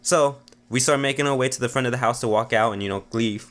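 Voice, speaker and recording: Fast-talking young guy telling a story. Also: medium pitch, a bit bright. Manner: rambling, profane, heavy with fillers. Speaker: vlogger. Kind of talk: casual storytelling.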